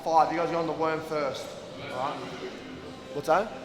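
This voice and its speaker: A man's voice: fairly high pitch, normal speed, crowd noise, low-quality recording. An Australian man who coaches and owns a gym, chatting casually between workouts and calling out counts to his team. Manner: relaxed and chatty, full of fillers, calls out counts loudly during drills. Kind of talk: casual vlog talk and coaching a group. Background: loud hip hop music.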